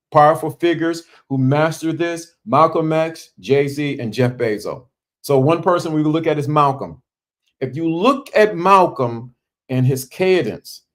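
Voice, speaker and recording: Emphatic preacherly man with pauses. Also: a little high. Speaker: podcast host. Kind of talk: motivational talk.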